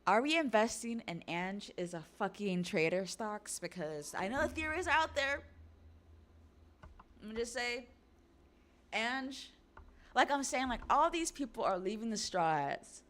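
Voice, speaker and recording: A woman hosting a stream, casually recapping and reacting, chatty and profane. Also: medium pitch. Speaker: stream host. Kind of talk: casual episode recap and discussion.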